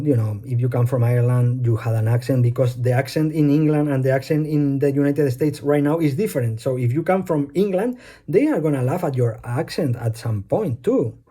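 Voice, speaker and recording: A man with a Spanish accent, a native Spanish speaker talking English, rambling through a personal vlog monologue with many pauses and fillers. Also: fairly high pitch, dark tone. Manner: hesitant, many fillers, loses his thread. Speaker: vlogger. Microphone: phone.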